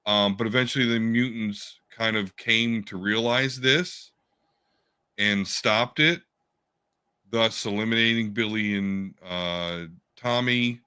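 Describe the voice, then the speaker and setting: Bright-voiced, fairly low man chatting. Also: slow pace, clean tone. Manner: rambling comic-book fan talk, swears casually. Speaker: podcast co-host. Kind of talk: casual chat.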